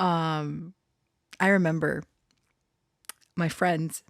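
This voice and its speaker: This channeler and storyteller, a woman, shares a meandering personal story in a casual monologue, full of giggles, restarted sentences, and fillers. Her manner is self-conscious and embarrassed. Her voice is low and creaky with fairly even intonation and drawn-out words, in a dry, clean studio recording.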